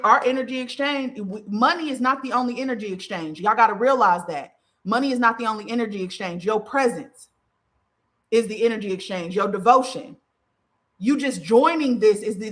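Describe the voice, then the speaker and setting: A woman hosts a casual spiritual livestream. Her voice is bright and sharp, and she speaks emphatically, repeats her points and checks in with her listeners again and again. She is blunt and swears freely as she addresses them directly. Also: a little high. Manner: emphatic and repetitive, often asking "okay?"; profane and blunt. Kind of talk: casual livestream talk to followers.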